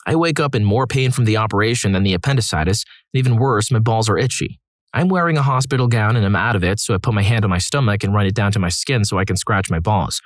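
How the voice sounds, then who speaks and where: A man's voice: on the low side, quick pace, dry recording. A man narrating read-aloud stories in a scripted style, adding wry, dry asides between them. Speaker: story narrator.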